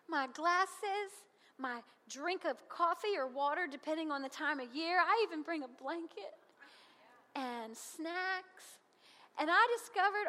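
A woman preaching a lively, humorous sermon, with emphatic repetition and laughter. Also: high voice, moderate pace. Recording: long hall reverb.

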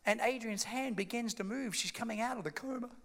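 Man preaching, high gravelly voice, emphatic storytelling, long reverb. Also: brisk, a bit bright. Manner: dramatic, emphatic, acts out scenes. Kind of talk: sermon storytelling.

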